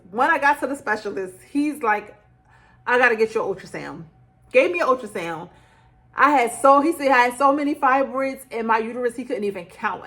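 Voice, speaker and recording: A middle-aged woman talking straight to her viewers in a relaxed storytelling vlog. She is chatty and animated, with plenty of fillers. She slips into other people's voices as she tells her story. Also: on the high side. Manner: chatty and animated, acts out quoted lines with laughter; conversational, frequent fillers like "like" and "child". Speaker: beauty vlogger. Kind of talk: casual storytelling to camera.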